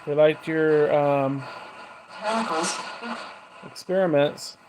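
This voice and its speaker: A man's voice: on the high side, steady tone, drawn-out words, heavy background noise. A man running a ghost box session, coaxing spirits with questions in a casual way. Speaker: paranormal investigator. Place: house, indoors.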